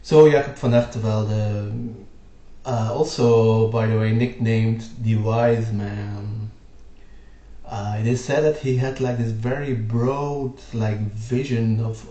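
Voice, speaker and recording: Slow-talking man explaining history. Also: medium pitch, dark tone, lo-fi sound. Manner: rambling, lots of fillers. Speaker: video host. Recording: roomy echo.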